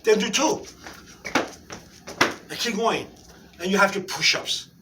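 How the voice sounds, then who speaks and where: A man demonstrating an exercise while out of breath, giving halting, repetitive instructions and often checking in with "okay?" in an indoor room. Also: high voice, distant mic, background noise. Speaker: exercise video maker.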